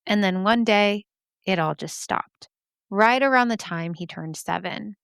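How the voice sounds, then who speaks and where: A woman's voice: mid-range voice, a bit bright, clean tone, no echo, studio quality. A woman hosting a podcast, reading listener mail aloud and reacting in a chatty, emotional way, laughing often and swearing casually.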